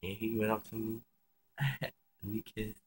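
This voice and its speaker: A man's voice: on the low side, fairly even intonation, measured pace, husky. A young man casually telling a personal story, chatty and slangy with lots of swearing. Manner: chatty and slangy, swears freely, many fillers.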